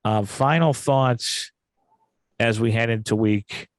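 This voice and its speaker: Halting man hosting a betting show. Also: mid-range voice, no room sound. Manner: halting, repeats words, steers the talk. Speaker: podcast host. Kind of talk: casual sports betting chat.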